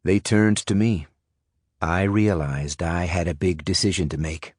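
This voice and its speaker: A man reading a thriller audiobook in first person, measured and suspenseful. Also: sits low, darkish tone, breathy edge, no room sound, studio quality. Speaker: audiobook narrator. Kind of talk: scripted audiobook narration.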